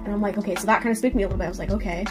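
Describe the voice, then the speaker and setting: A woman's voice: mid-range voice, steady tone, very fast, over music. A woman telling a personal story in casual talk, earnest and emphatic, rambling and saying "like" constantly. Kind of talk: casual spoken testimony.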